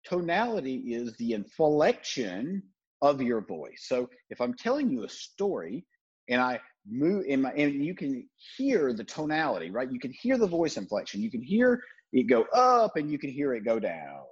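Blunt, husky-voiced man coaching sales. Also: medium pitch, moderate pace, dull audio. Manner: blunt, profane, animated coaching. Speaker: podcast host. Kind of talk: casual sales coaching talk.

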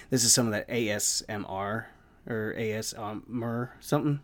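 A man's voice: fairly low pitch, normal speed. A man hosting a casual solo podcast rant from home, rambling and self-deprecating, with plenty of swearing. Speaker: podcast host. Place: home room with the fan off.

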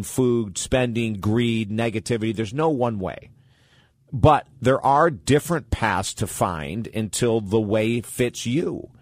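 A man hosting an advice talk show, answering listener questions in a blunt, animated and candid way. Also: mid-range voice, no room sound, studio quality.

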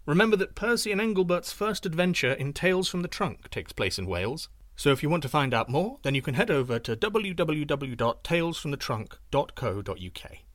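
A man's voice: a little high, sing-song, a little fast, hardly any pauses, a bit bright, no echo, studio quality. Wry male podcast host. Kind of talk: scripted podcast outro.

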